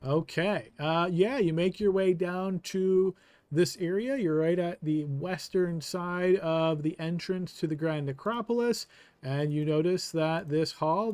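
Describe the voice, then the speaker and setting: A man's voice: fairly high pitch, darkish tone, dry recording. Easygoing man running a tabletop game. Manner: easygoing, with frequent filler words. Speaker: game master.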